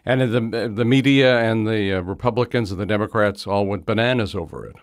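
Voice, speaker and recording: A man hosting an interview, speaking in a halting way that repeats words as he frames his questions. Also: fairly low pitch, dry recording, clean studio sound. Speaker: host.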